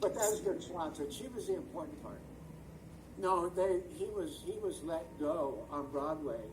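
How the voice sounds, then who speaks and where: An older man tells chatty, rambling stories as an interview guest, pausing to hunt for names and words. His voice sits a little high and sounds somewhat distant from the mic, with a faint hiss underneath on a video call. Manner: chatty, rambling storyteller who searches for words. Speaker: actor and guest. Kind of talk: anecdotal storytelling in an interview.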